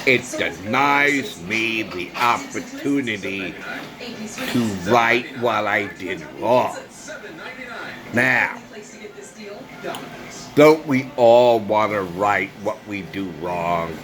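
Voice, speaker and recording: A man's voice: on the low side, drawn-out words, pauses often, crowd noise, poor audio. A man talking through a personal grievance in a vlog monologue, earnest and repetitive, sometimes searching for words. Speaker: vlogger.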